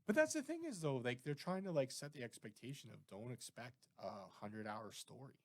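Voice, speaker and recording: A man's voice: mid-range voice, brisk, no echo, clean studio sound. A Canadian man co-hosting a podcast, chatting casually and rambling off on tangents. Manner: rambling, animated, goes off on tangents. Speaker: podcast co-host. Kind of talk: casual chat.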